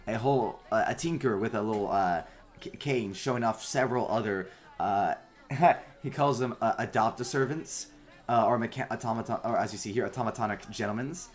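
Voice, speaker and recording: A man's voice: on the low side, a little fast. A man narrating as game master in loose, rambling narration with many fillers.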